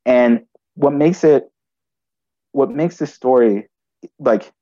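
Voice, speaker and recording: Halting man with a mellow voice. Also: medium pitch, lo-fi sound. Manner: halting, frequent restarts and "right?" tags. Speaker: podcast guest telling a personal story. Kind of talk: conversational storytelling.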